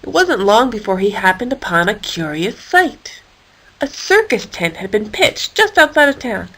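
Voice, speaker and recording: A woman reading a children's story aloud in a playful, animated way with sound effects. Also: mid-range voice, moderate pace, poor audio.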